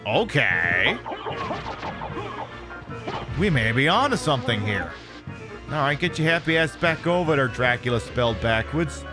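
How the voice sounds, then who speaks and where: With a sing-song, mid-range voice, this man talks a little slowly and leaves long pauses. He's playing a video game on stream, mocking and cursing at the enemies and items he meets while game music plays.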